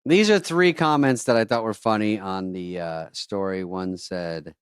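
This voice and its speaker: A man in his sixties co-hosting a podcast with wry, deadpan asides while reading out news items. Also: fairly low pitch, normal speed, few pauses, smooth, no echo, clean studio sound. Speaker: podcast co-host and comedian. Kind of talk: casual comedic chat.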